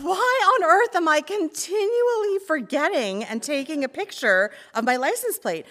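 A woman's voice, a little high and a bit bright. She is a community life pastor giving a reflective sermon talk in church, playful and laughing at times before turning earnest.

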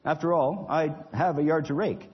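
A man voicing a fussy, high-strung storybook gentleman who exclaims his complaints. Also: normal speed, slightly rough, muffled recording. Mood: reflective. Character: fussy, easily flustered man.

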